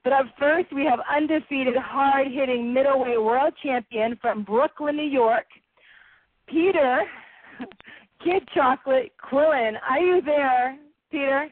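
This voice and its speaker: A woman hosting a boxing radio show, effusive and quick to laugh. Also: high voice. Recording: tinny phone-like line, dry.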